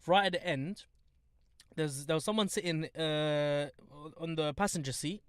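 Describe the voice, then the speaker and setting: A young man with a London accent, co-hosting a podcast and telling a story in lively casual chat, acting out other people in high voices. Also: a little slow, clean tone, no room sound, clean studio sound. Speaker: podcast co-host. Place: studio.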